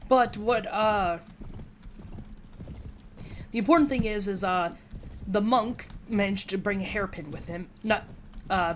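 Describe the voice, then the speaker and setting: A woman's voice: medium pitch, fairly bright tone, slight background noise. Chatty woman rambling over gameplay. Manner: rambling, chatty storytelling with self-mocking asides. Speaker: gaming YouTuber. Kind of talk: casual gameplay commentary, recounting a tabletop session.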